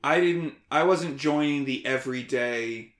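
A man talking as a guest in a casual conversation, animated, sarcastic and freely profane. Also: mid-range voice, unhurried. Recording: roomy echo.

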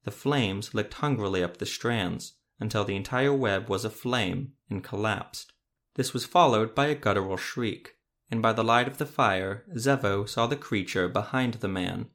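A man narrating a fantasy story in a steady storytelling manner. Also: lowish voice, moderate pace.

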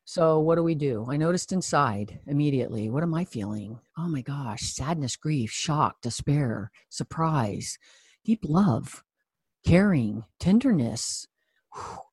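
A coach telling a personal story to explain a point, talking in an earnest, reflective way with pauses and soft sighs. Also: mid-range voice, lively intonation, breathy edge, no room sound, clean studio sound. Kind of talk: conversational teaching with personal story.

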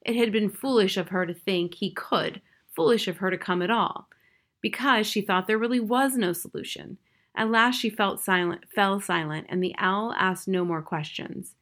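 A woman narrating a children's novel in a steady, plain storytelling manner. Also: medium pitch, normal speed. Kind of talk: reading a children's novel aloud.

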